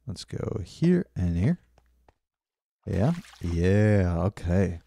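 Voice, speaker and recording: A man's voice: deep voice, sing-song, very slow, gravelly, mellow. A young man streaming a game, chatting casually with viewers and often apologizing. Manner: chatty, apologetic, reads chat aloud. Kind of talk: casual live-stream chat while building.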